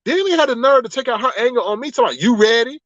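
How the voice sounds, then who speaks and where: A man hosting a casual livestream, reading the chat and telling stories in an animated, exclamatory way, often laughing. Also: extremely high pitch, rapid-fire, dry recording. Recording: dull, slightly lo-fi, dry sound.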